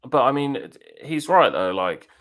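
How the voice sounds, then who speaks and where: A man's voice: medium pitch, very animated, normal speed, fairly bright tone. A man with a southern English accent, co-hosting a podcast in blunt, casual chat and laughing easily.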